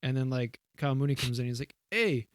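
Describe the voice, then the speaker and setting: A man's voice: mid-range voice, level tone, quick pace, a little mellow, smooth, no room sound, clean studio sound. Rambling young man retelling a sketch. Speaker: podcast co-host. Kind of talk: casual chat.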